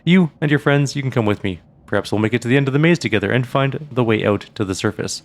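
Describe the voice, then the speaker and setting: A man's voice: medium pitch, quick pace, pitched above the performer's own voice, lightly acted. A man voicing a wary female mongrel scout from a fantasy game, in a tense, clipped read of her lines. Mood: guarded.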